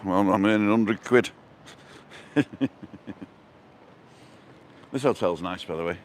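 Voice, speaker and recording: A man's voice: fairly low pitch, slow, a little hiss or hum. A middle-aged man hosting a casual live stream as he walks outdoors through town streets, chatting and reading out viewer comments with a joking manner.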